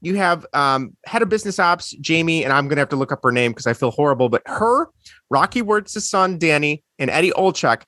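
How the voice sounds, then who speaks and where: A man, co-hosting a sports podcast, telling a story with animated energy and acting out quotes. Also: on the high side, brisk, no room sound, clean studio sound. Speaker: podcast co-host. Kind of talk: casual sports chat.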